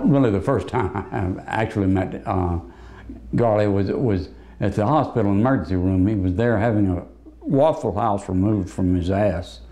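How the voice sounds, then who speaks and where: A man doing a stand-up roast on a comedy club stage, deadpan delivery with hesitant fillers. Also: on the low side.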